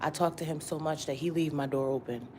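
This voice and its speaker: A woman tarot reader talks straight to her viewers in a loose, slangy morning chat. She swears freely and repeats her points for emphasis. Her voice sits low, with faint background noise. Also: fairly even intonation, quick pace, dark tone. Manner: repetitive and emphatic, often asking "you get what I'm saying?". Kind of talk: casual morning pep talk.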